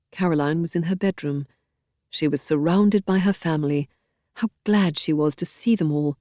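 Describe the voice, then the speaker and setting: A woman narrates a historical novel from a script as an audiobook narrator, her voice low and dark. Her delivery is measured and expressive, and the recording is dry and close, studio-made.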